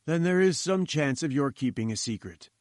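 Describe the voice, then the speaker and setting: A man's voice: fairly high pitch, expressive, moderate pace, a little mellow, no echo, clean studio sound, natural voice. A man voicing a pompous, patronizing older professor who lectures condescendingly in an audiobook reading.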